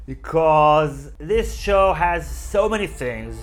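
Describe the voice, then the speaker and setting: A man hosting a casual chat, talkative and enthusiastic, full of geeky excitement. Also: fairly high pitch, slow, soft background music. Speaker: host.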